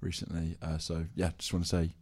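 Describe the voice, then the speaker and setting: Young male co-host with a lowish voice, dry and teasing, keeps the chat moving. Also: completely flat delivery, a little fast, darkish tone. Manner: steering the talk, dry and teasing. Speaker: podcast co-host. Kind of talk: casual chat.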